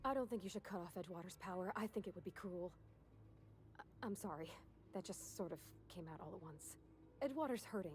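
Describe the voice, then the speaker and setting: An actress voicing a shy, earnest young woman in a video game, talking in a soft, apologetic, rambling way. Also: lowish voice, animated, brisk, slight background noise, lightly acted. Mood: pleading. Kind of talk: video game character dialogue.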